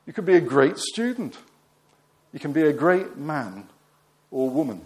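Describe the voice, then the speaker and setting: A man preaching a sermon, emphatic, asking the congregation questions and letting his voice fall quiet at the ends of phrases. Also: on the high side, big pitch swings, unhurried.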